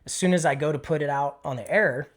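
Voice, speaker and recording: A man's voice: on the high side, quick pace. A middle-aged man, a retired police dog handler, casually and profanely retelling a tense street encounter in an interview, acting out the dialogue.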